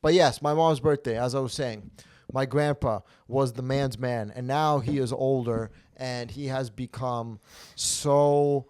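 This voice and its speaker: A man's voice: medium pitch, unhurried, clear, resonant tone, no echo, studio quality. Profane rambling young male podcast host. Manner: rambling, profane, animated storytelling. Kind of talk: casual comedic chat.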